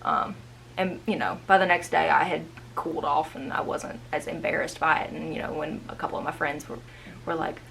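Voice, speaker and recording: A woman of about thirty telling a personal story in a chatty, animated vlog monologue with frequent asides. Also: deep voice, fairly quick, vocal fry, slight background noise, rough recording. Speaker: vlogger. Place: indoors at home.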